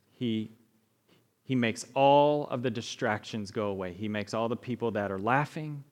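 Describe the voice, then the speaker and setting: A male pastor giving a conversational sermon, often asking "right?" and acting out the people in the story. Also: on the low side. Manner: conversational preaching, asks the room "right?", animated retellings.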